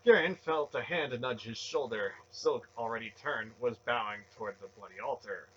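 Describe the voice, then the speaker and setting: A man reading a fantasy novel aloud with steady, dramatic narration. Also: medium pitch, moderate pace, lo-fi sound, a little hiss or hum. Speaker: audiobook reader.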